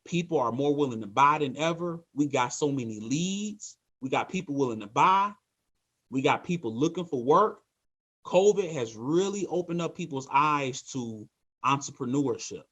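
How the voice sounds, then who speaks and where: Male team leader, motivational training talk, energetic, repetitive coaching delivery. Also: medium pitch, normal speed, husky. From Michigan, USA.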